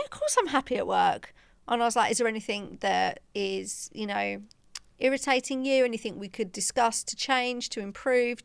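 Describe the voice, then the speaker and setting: A woman's voice: fairly high pitch, gravelly, smooth, no room sound. A woman podcast co-host and practice manager, telling a story in casual chat and acting out the quoted dialogue with laughter.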